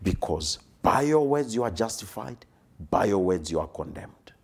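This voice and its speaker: A man's voice: lowish voice, big pitch swings, moderate pace, creaky, darkish tone, breathy edge. A man preaching a sermon in an emphatic, repetitive cadence, sometimes dropping to a whisper for emphasis.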